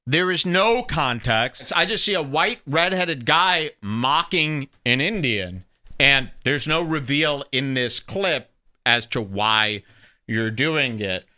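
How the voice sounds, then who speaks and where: Indignant, sarcastic man with a lively, bright voice. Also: medium pitch, takes it slowly. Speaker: podcast host. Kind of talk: heated commentary over clips.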